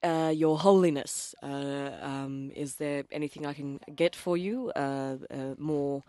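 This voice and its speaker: A woman's voice: low voice, a little slow, dark tone, no echo. A fussy, self-important cardinal who fawns over the pope and hesitates constantly, as an Australian woman plays him. Improvised radio comedy skit, with a dry, close studio sound. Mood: fawning. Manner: hesitant, full of uhs, deferential.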